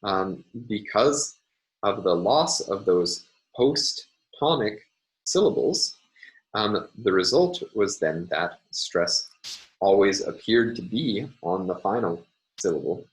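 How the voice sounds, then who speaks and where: A man lecturing on phonology, speaking in a measured, halting way with many fillers. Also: fairly low pitch, expressive, low-quality recording.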